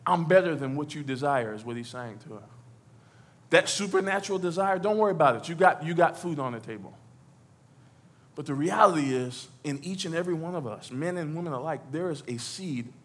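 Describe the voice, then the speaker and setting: A man preaching as pastor, talking to the congregation conversationally, acting out quotes and building to loud exhortation. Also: on the high side, expressive, a little fast. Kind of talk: sermon.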